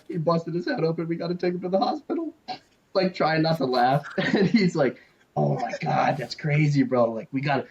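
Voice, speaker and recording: A man's voice: medium pitch, dull audio. A young man co-hosting a podcast, telling a story casually, swearing freely and often laughing. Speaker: podcast co-host.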